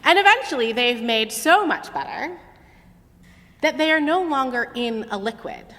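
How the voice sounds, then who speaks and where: Woman telling a lively sermon story. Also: high voice, normal speed. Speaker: worship leader and storyteller. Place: large sanctuary. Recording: long hall reverb.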